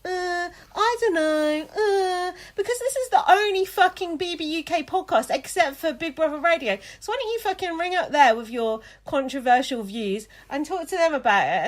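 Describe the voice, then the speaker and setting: A woman hosting a podcast, ranting angrily and swearing heavily in emphatic casual talk. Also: sits high. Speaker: podcast host.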